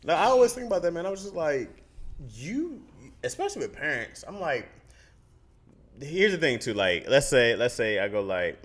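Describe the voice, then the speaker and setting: Animated man with a lively voice. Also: normal speed. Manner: animated storytelling, jumps into high playful voices for quotes. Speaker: podcast co-host. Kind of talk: casual chat.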